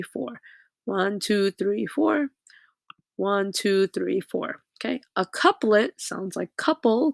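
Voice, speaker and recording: A woman teacher talks students through a lesson, pausing often to check that they follow. Her voice has a gravelly edge, and the recording is dry and close. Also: medium pitch, no echo. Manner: explanatory, uses fillers and checks in with "okay?".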